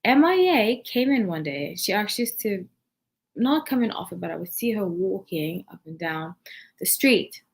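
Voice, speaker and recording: A woman's voice: mid-range voice, big pitch swings, moderate pace. A woman in her thirties, a channel host, telling a meandering story casually to her viewers. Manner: meandering, chatty, digressive.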